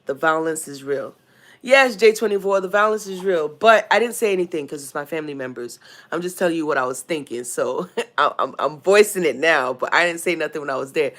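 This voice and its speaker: A woman's voice: low voice, fairly quick. Nigerian-accented woman chatting on a livestream. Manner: chatty, greets viewers by name, rambling. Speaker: livestream host. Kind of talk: casual livestream chat. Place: at home.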